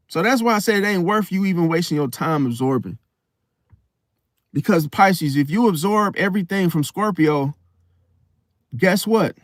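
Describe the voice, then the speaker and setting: Hosting an astrology video, a man chats casually to the camera, rambling in slang and frequently restarting sentences. His voice is fairly high for a man, expressive and at normal speed, with frequent pauses. The recording is close and dry, with no room sound.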